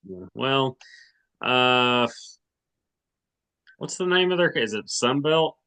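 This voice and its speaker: A man's voice: medium pitch, lively intonation, slow pace, bright, forceful tone, clean tone. A man of around forty from Arkansas, co-hosting a sports podcast in casual chat, rambling with many restarts and hedges.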